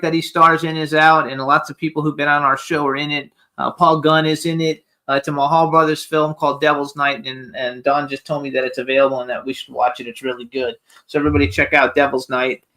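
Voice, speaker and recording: Bright-voiced upbeat male host. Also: a little high, poor audio. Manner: upbeat, promotional, chatty. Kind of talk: casual radio interview chat.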